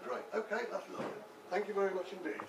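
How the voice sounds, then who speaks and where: Older male amateur magician, light high voice, chuckling comic patter, recorded in an echoey room from a distance. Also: steady tone, rapid-fire, creaky. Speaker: amateur magician performing tricks. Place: room with a live audience. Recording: echoey room, distant mic, background noise.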